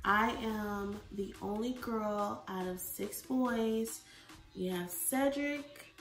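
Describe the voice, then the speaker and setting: A woman in her twenties, a vlogger from the United States, talking in a rambling, expressive casual chat that swings between soft and loud. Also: mid-range voice, takes it slowly, recorded from a distance. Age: 20s. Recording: roomy echo, from the mic, faint music.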